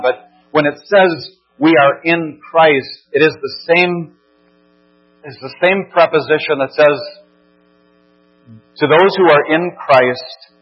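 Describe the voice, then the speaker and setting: A man's voice: on the high side, husky. A man preaching a sermon as pastor, earnest and emphatic, repeating phrases and restarting as he builds his points. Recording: dull lo-fi recording with mains hum.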